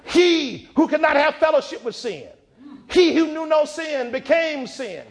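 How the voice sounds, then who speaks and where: A man with a very high voice preaches in a church. He speaks in rhythmic, repeated phrases and climbs from low, thoughtful passages to full shouts. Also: lively intonation, measured pace. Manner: rhythmic, building to shouted climaxes. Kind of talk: sermon.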